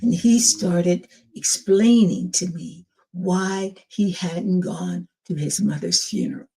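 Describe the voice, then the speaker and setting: An older woman tells her own testimony slowly and earnestly, acting out what others said along the way. Her voice is husky and mellow, a little low for a woman. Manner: earnest, slow storytelling with acted quotes. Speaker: podcast host telling her own story. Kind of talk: personal testimony.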